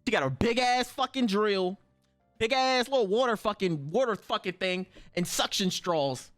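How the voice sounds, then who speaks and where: A young man streamer, telling a story casually, swearing freely and jumping his pitch high when he acts out quotes. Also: lively intonation, normal speed, a bit bright, faint music behind.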